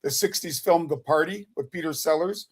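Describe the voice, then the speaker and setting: A man's voice: a little high, moderate pace, slightly rough. A man hosting a podcast, asking his guest long, rambling questions in casual conversation. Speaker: podcast host. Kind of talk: casual interview.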